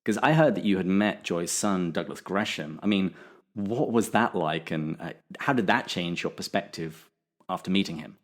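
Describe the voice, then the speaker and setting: A man's voice: deep voice, lively intonation, normal speed. A man hosting a podcast interview, asking questions in an easygoing way and laughing often. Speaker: podcast host. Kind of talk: casual interview.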